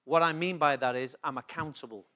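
A man's voice: a little high, fairly even intonation, a little fast, bright, forceful tone. A man preaching a sermon as pastor, often putting rhetorical questions to the congregation.

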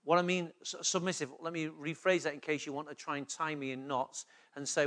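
A man's voice: a little high, flat delivery, fairly quick, few pauses, fairly bright tone. A man preaching a sermon as pastor, often putting rhetorical questions to the congregation.

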